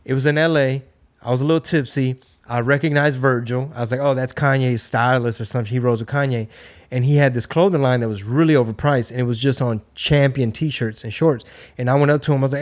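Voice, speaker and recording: Casual podcast host, middle-aged man, profane, storytelling, mid-pitched voice, springs up high when quoting people. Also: quick pace. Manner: laid-back, swearing storyteller; acts out quotes with lively pitch jumps. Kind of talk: casual chat.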